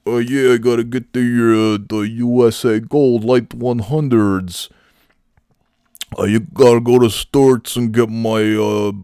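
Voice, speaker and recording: A man voicing a slow, dim rural upstate man with an exaggerated North Country New York accent, halting and full of "uh"s. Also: fairly low pitch, darkish tone, smooth, no room sound, clean studio sound, pitched above the performer's own voice.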